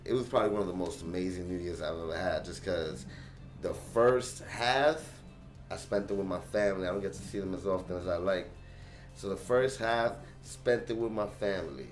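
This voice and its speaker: A young man telling a personal story to his vlog audience in an animated, slangy way. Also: low voice. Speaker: channel host.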